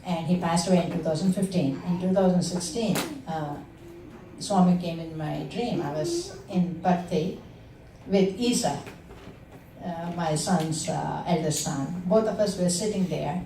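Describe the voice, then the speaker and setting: This satsang speaker, an Indian woman in her sixties and a native Telugu speaker, recounts her devotional experience to the gathering earnestly, with frequent hesitations, in a warm, dark, lowish voice. The recording picks her up from a distance in an echoing hall, with faint hiss.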